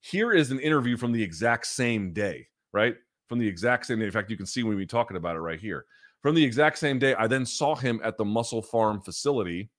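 A man hosting a podcast, telling a story in a casual, animated and emphatic way and swearing freely. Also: on the low side, dry recording, clean studio sound. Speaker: podcast host.

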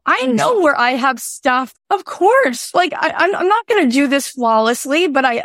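A woman's voice: high-pitched, no room sound. A woman hosting a podcast and coaching two people on a call, speaking emphatically with lots of "like" and "right?". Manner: emphatic and animated, with a lot of "like" and "right?". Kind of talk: coaching call, motivational talk.

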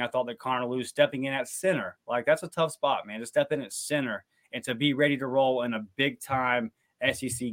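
A man's voice: medium pitch, a bit bright. A man co-hosting a sports recap podcast, talking casually and getting fired up into emphatic rants. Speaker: podcast co-host.

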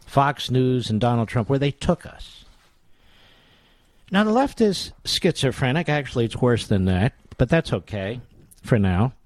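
A man's voice: mid-range voice, expressive, a little slow, darkish tone, dry recording. A man hosting a political talk radio show, delivering a combative, sarcastic monologue.

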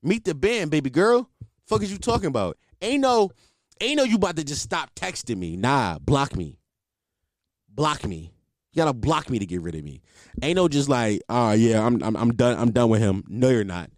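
A man's voice: mid-range voice, very animated, normal speed, no echo, clean studio sound. A young man telling comic stories in a loose, slangy way, laughing often and swearing freely. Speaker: comedian. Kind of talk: casual comedic storytelling.

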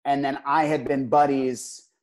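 A man's voice: medium pitch, level tone, measured pace, a little mellow. A man in casual conversation, laid-back and laughing along with his guest. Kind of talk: casual chat.

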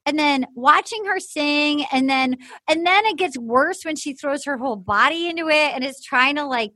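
Chatty high-voiced woman recapping a show. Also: measured pace, no room sound. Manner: animated storyteller, acts out quotes. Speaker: podcast co-host. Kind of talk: casual chat recapping a dating show.

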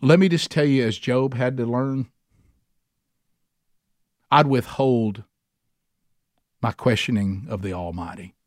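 A man teaching a men's Bible study, preaching emphatically, slowing down to stress points and speeding up when fired up. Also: mid-range voice, no room sound, studio quality.

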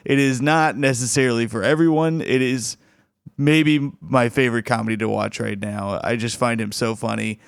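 A man's voice: mid-range voice, fairly even intonation, moderate pace, creaky, clear, resonant tone, no echo, studio quality. A man hosting a comedy podcast in casual, rambling chat, laughing often. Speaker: podcast host.

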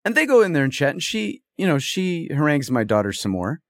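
A man's voice: fairly high pitch, very animated, fairly quick, a bit bright, dry recording, clean studio sound. A man hosting a podcast, telling a story in a rambling, exasperated casual monologue. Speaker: podcast host.

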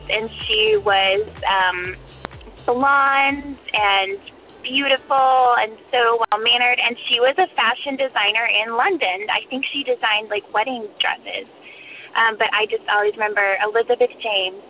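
A woman's voice: fairly high pitch, sharp tone, poor audio. A woman caller chatting about a name she remembers, with lots of fillers. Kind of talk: voicemail message.

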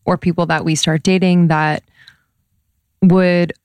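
A woman co-hosting a podcast, asking thoughtful, halting questions in casual talk. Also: on the low side, little pitch movement, a little mellow, smooth, dry recording. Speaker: podcast co-host.

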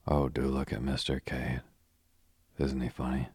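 A man's voice: a bass voice, monotone, measured pace, darkish tone, slightly rough, no echo, full character voice. A man reading the lines of a gushing young lady who asks eager questions, in an effusive manner.

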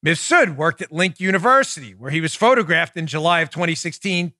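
A man hosting a political podcast, delivering sarcastic, mocking commentary in an animated way. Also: fairly high pitch, fairly quick, no room sound, studio quality. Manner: mocking, animated, laughs at own jokes. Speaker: podcast host.

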